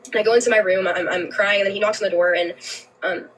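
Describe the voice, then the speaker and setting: A young woman giving a personal account on a livestream, earnest, with frequent halting restarts. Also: mid-range voice, steady tone, fairly bright tone, recorded from a distance, a little hiss or hum, rough recording. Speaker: livestreamer telling her story.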